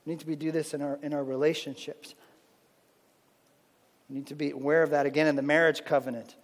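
Preaching in a large hall, this pastor talks fast in a fairly high, level voice. He's an adult man, married with kids, and his sermon has a chatty feel, with "right?" tossed in often to check on his listeners.

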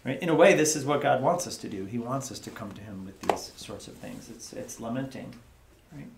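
A man teaches a relaxed Bible study, his voice sitting in a mid range and bouncing around an echoey office. He talks like he is chatting with friends and often tosses a quick "right?" to the group. When he acts out the prayers he reads, he sounds exasperated. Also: medium pitch, vocal fry, noisy background. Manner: conversational, keeps asking "right?" to the group. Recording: echoey room.

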